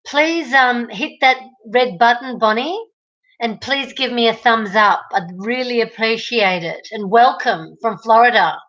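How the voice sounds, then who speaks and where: Speaking unhurriedly in a fairly high, fairly bright voice, an Australian woman runs a casual livestream in her home kitchen. She reads comments aloud, chats with viewers, and greets them by name, over dull audio.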